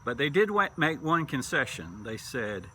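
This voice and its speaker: A man who is a minister, preaching a sermon in a slow, measured way with long pauses. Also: mid-range voice, big pitch swings, pushed and bright, a little hiss or hum. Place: church sanctuary.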